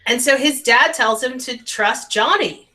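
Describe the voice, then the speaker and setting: Bright-voiced woman cohost on a video call, chatty, lots of um and like. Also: a little high, unhurried. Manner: conversational, many ums and hedging likes. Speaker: podcast co-host. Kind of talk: casual chat recap.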